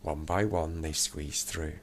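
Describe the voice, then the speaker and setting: A man reading a children's storybook aloud, steady and unhurried. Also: very deep voice, vocal fry, a little hiss or hum.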